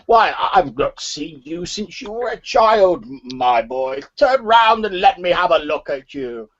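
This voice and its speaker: A man voicing a frail, rambling old nobleman who stammers and repeats his words in a high, quavering voice. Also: sing-song, unhurried, creaky, fairly bright tone, dull audio, exaggerated voice. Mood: delighted.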